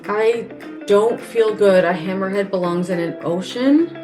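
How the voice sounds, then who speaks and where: Female podcast co-host, mid pitch, earnest and talkative, soft guitar underneath. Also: measured pace. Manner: earnest and chatty, thinks aloud. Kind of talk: casual chat.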